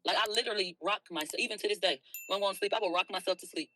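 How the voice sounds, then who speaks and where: A woman hosting a livestream, talking bluntly and with a lot of profanity, soft and tearful at times and then loud again. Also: mid-range voice, racing, soft background music, poor audio. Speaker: livestream host. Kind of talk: emotional early-morning livestream rant.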